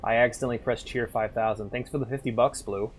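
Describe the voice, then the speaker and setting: A man streaming a game and chatting casually, loud and animated, swearing and laughing as he plays. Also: medium pitch, fast, a little hiss or hum. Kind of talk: casual gaming stream chat.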